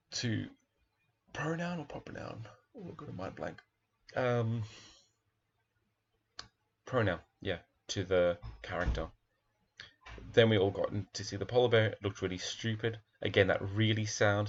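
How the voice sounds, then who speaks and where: A man with a low, vocal-fry voice, captured on a muffled recording. He's a primary school teacher talking thoughtfully through a picture book, admiring its pages and asking questions aloud.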